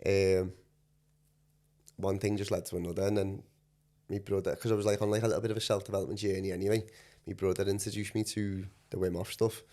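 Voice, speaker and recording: A young man chatting on a podcast in a low voice. He rambles through his stories with lots of slang, quick laughs and loose, unfinished sentences. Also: little pitch movement, warm tone. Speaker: podcast guest, breathwork coach. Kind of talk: casual chat.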